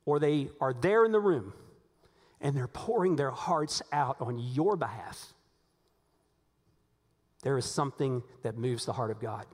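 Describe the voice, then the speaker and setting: A man preaching a sermon as pastor, telling stories animatedly, his voice climbing when excited. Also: mid-range voice, a little slow, long pauses. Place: church sanctuary. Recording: long hall reverb.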